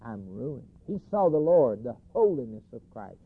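A male preacher delivering an emphatic sermon, repeating key phrases and swinging between loud declarations and hushed lines. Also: a little high, sing-song, normal speed, husky. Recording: tinny lo-fi phone-like recording.

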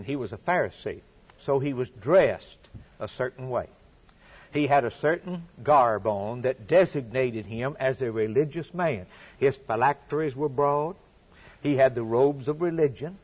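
A man's voice: mid-range voice, a little mellow, breathy edge. A man preaching a sermon, stressing his points by repeating phrases.

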